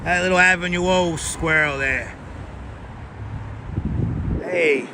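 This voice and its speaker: High-voiced man streaming on a city walk. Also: expressive, normal speed, pauses often. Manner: chatty, talks to passing animals and viewers. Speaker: live-stream host. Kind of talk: casual walking live stream. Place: outdoors on a city street at sunset. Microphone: wireless clip-on mic. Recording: outdoor street traffic noise.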